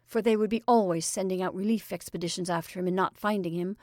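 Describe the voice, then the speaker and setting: A woman's voice: medium pitch, fairly even intonation, fast, a little mellow, no room sound, clean studio sound, close to an everyday voice. A woman voicing a jolly middle-aged male stage actor who talks in an exuberant, rambling, confiding way.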